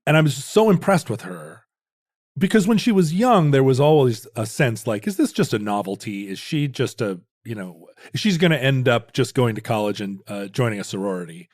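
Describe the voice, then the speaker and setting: A man's voice: mid-range voice, very animated, moderate pace, no room sound, clean studio sound. A man co-hosting a podcast, chatting in a musing, playful way. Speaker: podcast co-host. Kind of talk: casual chat.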